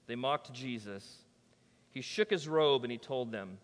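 A man preaching a sermon as pastor, emphatic and conversational, swinging between loud declarations and soft, quiet asides. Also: mid-range voice, unhurried, in a large hall. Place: church.

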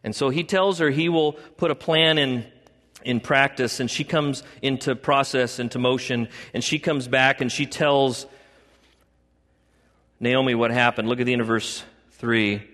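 Male preacher, mid-pitched voice, emphatic and story-driven, recorded with long reverb in a church hall. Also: steady tone, a little slow, a bit bright. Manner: emphatic, rhetorical questions, storytelling. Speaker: pastor. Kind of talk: sermon.

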